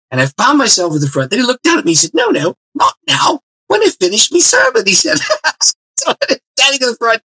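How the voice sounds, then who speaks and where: Husky, bright-toned man telling his faith story. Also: a little high, no echo, poor audio. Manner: animated testimony with many restarts. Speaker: guest author. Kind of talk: interview storytelling.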